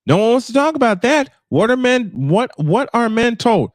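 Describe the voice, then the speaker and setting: Guy in his 50s ranting on a livestream, pretty high voice, swears a lot, dry close sound. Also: very animated, measured pace, hardly any pauses, dry recording. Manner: angry, frustrated, profane outbursts; emphatic repetition. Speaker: livestream host. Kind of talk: emotional personal monologue. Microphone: camera off, voice only.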